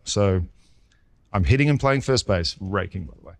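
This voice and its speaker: A man in his forties with an Australian accent, a former pitcher guest telling his story in a casual interview and acting out the dialogue. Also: moderate pace, vocal fry. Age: 40s. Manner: lively storyteller who acts out quoted dialogue.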